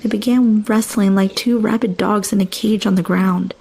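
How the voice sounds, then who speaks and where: A woman narrating a first-person horror story in a hushed, slow, tense storytelling manner. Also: mid-range voice, fairly even intonation, gravelly, husky.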